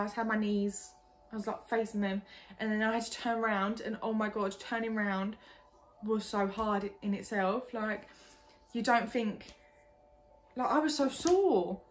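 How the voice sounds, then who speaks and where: A woman's voice: mid-range voice, normal speed, slight background noise. A young woman from England telling a personal story in a casual, candid way, full of "like". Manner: chatty, lots of "like", candid and animated. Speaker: vlogger.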